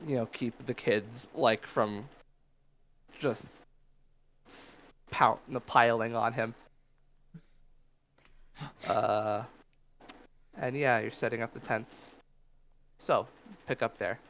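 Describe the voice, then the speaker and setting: A man's voice: lowish voice, fairly bright tone, a little hiss or hum. A man narrating as game master of a tabletop game, talking loosely with many fillers.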